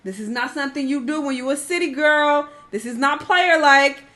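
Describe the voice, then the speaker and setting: A woman's voice: sits high, moderate pace, bright, forceful tone. A woman giving casual reaction commentary in a blunt, profane, scolding way. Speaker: reaction channel host.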